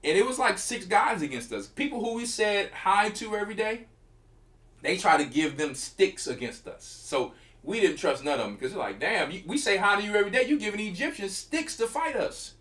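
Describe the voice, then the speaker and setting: A middle-aged church elder tells a story in casual talk, animatedly acting out the quotes and the punches with sound effects. His voice is high-pitched and a little fast.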